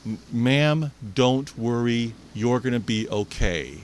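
Gruff, tender teenage boy, told by a man. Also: medium pitch, lively intonation, slow, slight background noise. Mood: reassuring. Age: teens.

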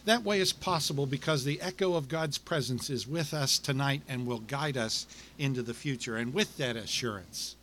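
A middle-aged male pastor delivering a sermon, with rhythmic repetition and dramatic pauses. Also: mid-range voice, a bit bright, a little hiss or hum.

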